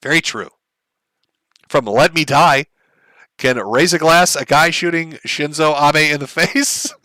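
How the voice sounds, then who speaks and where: Brief: middle-aged male streamer, wry and jokey, bright, fairly high voice, dry close mic. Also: no room sound. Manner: wry, laughs at his own jokes. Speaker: livestream host. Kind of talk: casual stream chat reading viewer messages aloud.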